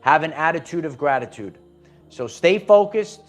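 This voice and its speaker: An emphatic man delivers a spiritual pep talk to his viewers. His voice sits a little higher than most men's. He repeats phrases and restarts his sentences often. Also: lively intonation, normal speed, faint music behind. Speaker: spiritual channel host.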